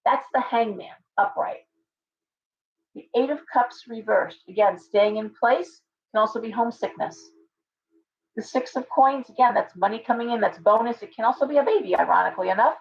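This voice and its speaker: A woman's voice: fairly high pitch, moderate pace, creaky. A woman with a slightly raised voice reads tarot cards aloud for her livestream audience, rambling and restarting as she goes. The stream audio sounds dull and lo-fi. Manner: chatty and rambling, with frequent restarts and asides. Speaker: tarot reader, livestream host. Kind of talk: casual livestream tarot reading.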